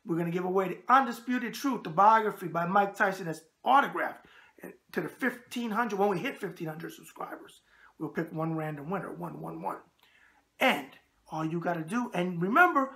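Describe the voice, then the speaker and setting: A man's voice: sits high, lively intonation, a little fast, a bit bright. A brash man with a New York accent, hosting a boxing show and answering viewer emails with catchphrases and wisecracks.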